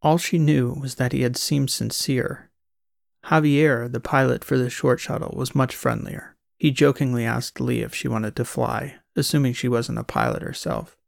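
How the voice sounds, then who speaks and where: A man narrating a science fiction audiobook in a steady, scripted storytelling voice. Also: mid-range voice, normal speed, vocal fry, dry recording, clean studio sound.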